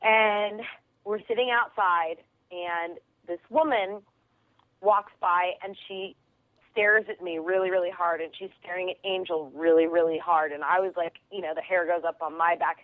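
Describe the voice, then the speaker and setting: A woman comedian telling an animated story as a radio guest, acting out the people in it. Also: fairly low pitch, moderate pace, no room sound. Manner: excitable, quotes people in her stories. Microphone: phone call. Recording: tinny phone line.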